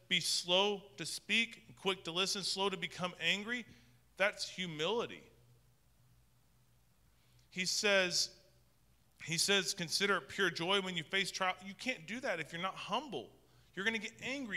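A man's voice: high voice, bright, forceful tone, long reverb tail. A man preaching a sermon as pastor in a conversational style, often restarting his sentences. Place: church sanctuary with long reverb.

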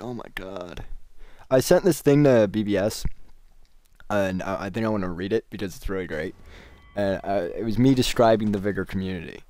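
A man's voice: fairly low pitch, a little mellow, dry recording. A man doing casual gameplay commentary as a gaming YouTuber, rambling and ranting with plenty of profanity.

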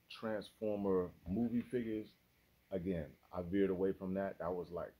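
A man's voice: low voice, breathy edge. A man hosting his toy collecting channel, talking in a chatty, slangy, casual vlog style. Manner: animated, chatty, slangy, laughs often. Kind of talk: casual unboxing vlog chat.

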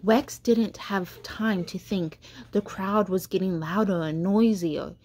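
Woman reading a kids storybook, slow and gentle, breathy voice. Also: medium pitch. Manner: gentle, unhurried read-aloud. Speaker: catechist reading aloud. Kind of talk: reading a children's storybook aloud.

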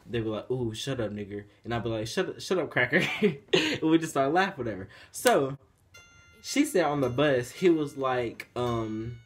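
Animated young man telling a story. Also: medium pitch. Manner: animated slangy storytelling, acts out quotes. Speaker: vlogger. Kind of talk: storytime vlog.

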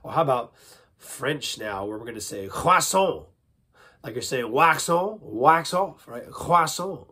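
A man teaching a playful vocal warm-up lesson as a music teacher, upbeat and jokey, breaking into little sung snippets. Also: medium pitch, expressive, normal speed, breathy edge.

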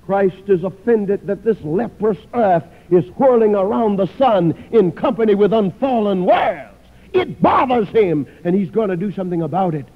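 A male preacher giving a sermon, swinging from loud declarations to hushed pleas. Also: high voice. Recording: phone-like old recording with long hall reverb.

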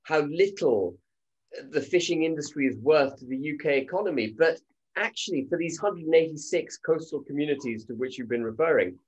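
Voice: mid-range voice, lively intonation, a little fast, a little mellow, husky. A speaker from Britain making fluent, argumentative points as a guest on a political talk show. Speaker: panel guest. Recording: dull, lo-fi audio.

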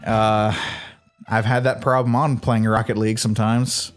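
A man co-hosting a couch gaming session, excitable and quick to laugh. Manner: excitable, laughs a lot, yelps high. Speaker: let's play co-host. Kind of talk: casual gaming banter. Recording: game music behind.

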